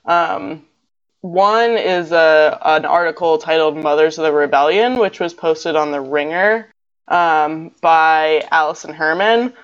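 Woman, lowish voice, podcast co-host, rambling, lots of ums, self-mocking, dull lo-fi sound. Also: a little slow. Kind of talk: casual podcast chat. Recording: dull lo-fi audio.

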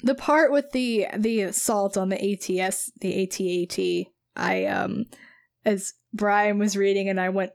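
A woman's voice: medium pitch, very animated, moderate pace, a little mellow, dry recording, clean studio sound. A woman co-hosting a casual book-club podcast, telling stories with lots of fillers and laughs. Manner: laughs often, meandering with fillers. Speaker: podcast co-host.

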